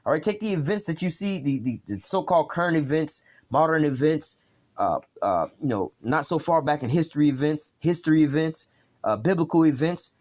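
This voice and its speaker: Male street preacher, informal bible lesson, rambling and profane, heavy on fillers, voice a bit high. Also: lively intonation, fairly quick, a little mellow.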